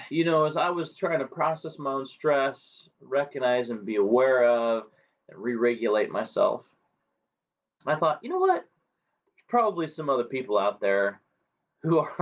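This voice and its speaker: A man's voice: mid-range voice, muffled recording. A man who works as a natural health doctor guides viewers through a tapping exercise on a live stream, talking casually and checking in with them often. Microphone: live-stream camera mic.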